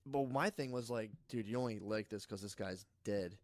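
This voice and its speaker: A man's voice: lowish voice, normal speed, no echo. A man telling long rambling stories in casual chat, cursing often and acting out what people said. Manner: rambling storyteller, swears a lot, acts out quotes. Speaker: podcast host.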